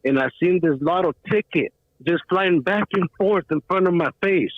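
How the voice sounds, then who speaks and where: A caller phones into a show and tells a rambling, slangy story, dropping "bro" constantly. His voice sits high and moves at a moderate pace, with no echo, coming through a tinny phone line.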